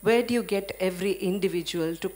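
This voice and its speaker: A woman with an Indian English accent moderating a panel, asking probing, measured questions. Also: mid-range voice, a little mellow.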